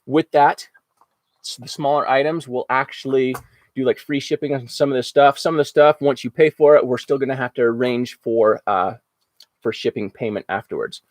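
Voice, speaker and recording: A man's voice: mid-range voice, normal speed, darkish tone, no echo. A man hosting a casual live-stream auction, talking in an upbeat, rambling way with lots of fillers. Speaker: livestream auction host. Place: outdoors at home after rain.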